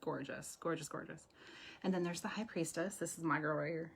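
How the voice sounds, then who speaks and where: A woman's voice: lowish voice, steady tone, fast talker, husky. A woman giving tarot readings on a live stream, chatty and affectionate, laughing often. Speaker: tarot reader. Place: home, live video stream.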